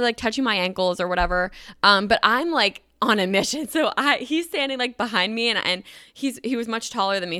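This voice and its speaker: A woman's voice: mid-range voice, sharp tone, smooth, no room sound, studio quality. A young woman hosting a podcast, telling a story in a chatty way full of "like" and acted-out quotes. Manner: chatty, lots of "like", acts out quotes. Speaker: podcast host. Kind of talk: casual storytelling.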